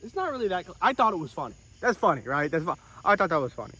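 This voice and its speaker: Bright-voiced man telling a comic story. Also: sits high, racing, husky. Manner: deadpan self-important, swearing, bursts of outrage. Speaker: comedic storyteller in character. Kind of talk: comedic monologue.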